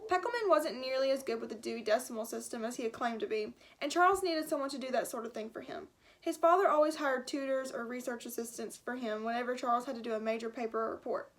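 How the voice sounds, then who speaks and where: Woman teacher, high voice, storybook read-aloud with animated character voices and chatty asides. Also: quick pace.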